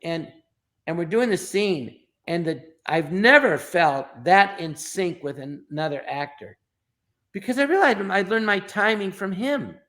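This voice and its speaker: Animated middle-aged male comedian storyteller. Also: high-pitched, a little slow. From Los Angeles. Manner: animated storyteller, acts out quoted dialogue. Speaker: guest comedian. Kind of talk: storytelling interview.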